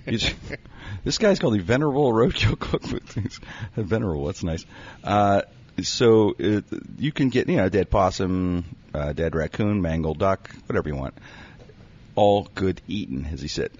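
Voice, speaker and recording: A man with a low, husky voice delivers a rambling comedic bit, his pitch leaping around as he jokes. The recording is dull and lo-fi. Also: lively intonation, normal speed, darkish tone. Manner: rambling, jokey, breaks into laughter. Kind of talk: comedic banter, reading a recipe aloud.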